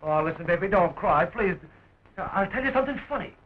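An actor playing a wisecracking young man who talks in quick joking patter while fighting to free his fiancée, from a dull old film soundtrack. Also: high-pitched, expressive. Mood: coaxing.

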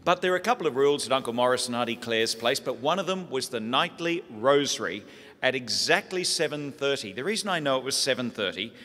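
An Australian priest telling funny family stories in a lively sermon talk. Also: male voice, mid-range voice, fairly quick. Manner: lively comic storytelling. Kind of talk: humorous sermon storytelling. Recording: echoey hall.

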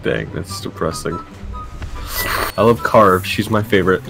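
A man's voice: sits low, unhurried, vocal fry, fairly bright tone, faint music behind. A young man chatting casually while playing a game with a friend, dry and crude in his jokes. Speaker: co-player. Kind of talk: casual gaming chat.

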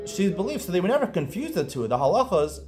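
A man teaching a Talmud lesson, explaining quickly and lifting into a chanting lilt on quoted Aramaic, with frequent restarts. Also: high voice, big pitch swings. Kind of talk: daf yomi study lesson.

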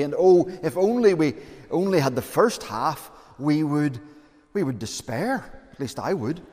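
A man's voice: a little high, animated, measured pace, a little mellow. Earnest male preacher in reverberant church. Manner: earnest, conversational preaching with fillers. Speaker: pastor. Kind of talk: sermon.

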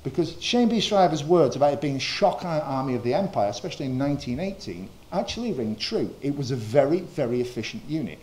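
A man from northern England giving a history lecture, measured and full of small fillers. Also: mid-range voice, animated, darkish tone, roomy sound, slight background noise. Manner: measured, with frequent uh fillers and quoted passages. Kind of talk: lecture presentation.

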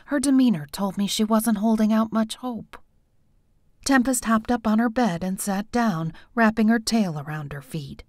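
A woman reading a first-person audiobook in an expressive, animated way, close to the mic. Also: fairly high pitch, moderate pace, no room sound. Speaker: audiobook narrator.

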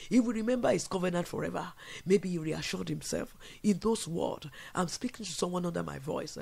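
A man preaches a fervent vigil sermon. His voice sits high and carries a heavy gravel with a husky edge. He pushes his listeners to pray and slips into song now and then. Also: a little mellow. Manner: fervent preaching with call-and-response, breaks into song. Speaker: preacher leading a prayer vigil.

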